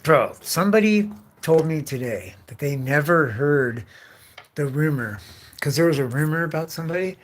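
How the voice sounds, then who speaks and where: A man's voice: a little high, expressive, normal speed. A man hosting his own livestream, telling loose run-on stories packed with cursing. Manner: heavy profanity, loose run-on storytelling. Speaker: livestream host. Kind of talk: casual rambling livestream rant.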